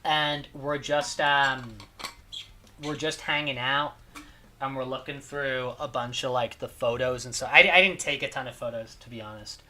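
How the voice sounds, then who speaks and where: A livestreamer chatting loosely with viewers, voice bright and clear-edged. The talk wanders and loops back on itself, full of filler words. The mood stays tired and easygoing. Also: medium pitch, fairly even intonation, normal speed, slight background noise. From not from Spain, lives in Spain. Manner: rambling, repeats phrases, lots of "dude" and "like". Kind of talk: casual stream chat.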